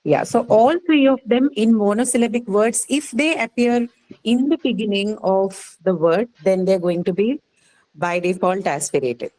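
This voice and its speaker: An Indian English woman teaches a classroom lesson, explaining step by step in a patient voice. She keeps pausing to check understanding with "right?" and "okay". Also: medium pitch, dark tone, poor audio. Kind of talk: classroom lecture on phonetics.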